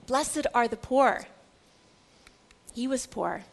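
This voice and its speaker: A woman with a high voice leads a Bible lecture. She delivers it dramatically, rising to loud exclaiming and dropping to hushed, whispered asides. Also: expressive, takes it slowly, gravelly. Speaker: Bible teacher. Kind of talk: animated lecture.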